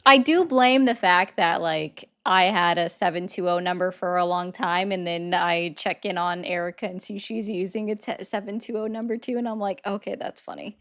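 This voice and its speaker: A woman hosting a casual live-stream chat, talking in a chatty, sarcastic way with quick asides. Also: on the low side, fairly even intonation, fairly bright tone. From United States. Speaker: host.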